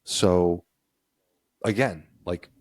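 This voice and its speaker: Podcast co-host, very low voice, dry close sound, meandering casual talk. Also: male voice, drawn-out words, dry recording. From United States. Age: adult, a parent. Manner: rambling, thinks aloud with restarts. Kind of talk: casual chat.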